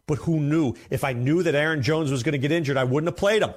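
A man's voice: a little high, quick pace. A man hosting a fantasy football show, talking casually and emphatically, often repeating himself for effect. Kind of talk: casual commentary to camera.

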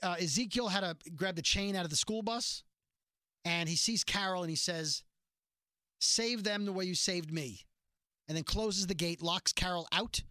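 A man's voice: high voice, no echo, clean studio sound. A man casually recapping a TV episode, animatedly acting out the quoted lines. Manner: animated retelling with quick quoted voices. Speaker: podcast host recapping a TV episode. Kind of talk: casual chat.

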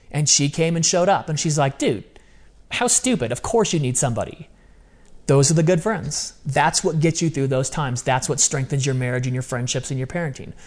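Fairly high in pitch yet darkish in tone, a man's voice carries candid personal anecdotes. He's an interview guest, and his storytelling is emphatic, casual, and heavy on slang.

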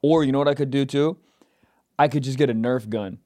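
A man co-hosting a podcast, telling stories in an animated, profane way and shouting out quoted lines. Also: mid-range voice, a little fast, dry recording. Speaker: podcast co-host. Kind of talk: casual comedic chat.

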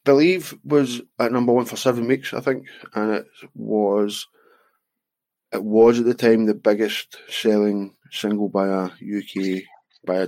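A man's voice: on the low side, a little mellow, no room sound. A Scottish man co-hosting a podcast, casually reading out jokes and chuckling often. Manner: jokey, reads listener jokes, chuckles often. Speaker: podcast co-host. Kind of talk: casual chat.

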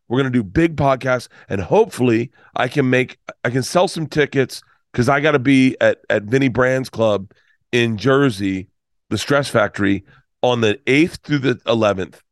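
A man's voice: mid-range voice, moderate pace, dry recording. Middle-aged guy rambling thru a story, gets emotional, swears a lot, dry close mic. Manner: emotional, profane, rambling with restarts. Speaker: comedian guest. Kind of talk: casual storytelling.

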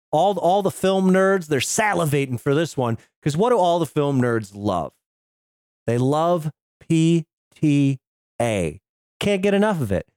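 A man hosts a casual comedy movie podcast with a slightly raised pitch. He rambles and jokes, swearing freely. The sound is dry and close. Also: no echo. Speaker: podcast host.

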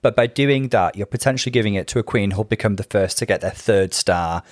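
A man co-hosting a casual podcast chat, calmly talking through his reasoning. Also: lowish voice, dry recording, studio quality. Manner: measured, analytical, explains strategy. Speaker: podcast co-host.

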